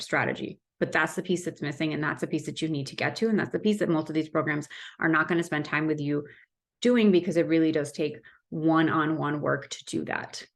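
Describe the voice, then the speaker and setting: Woman, 30s, business coach vlog; frank, animated, slightly low pitch. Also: creaky. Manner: candid, animated, rhetorical questions. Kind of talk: direct-to-camera business advice.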